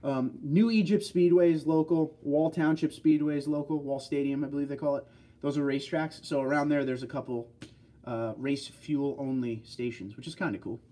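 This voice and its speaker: Speaking at a normal speed, this New York livestream host has a slightly high, dark-toned voice with fairly level intonation. He rambles through casual replies to comments from his viewers.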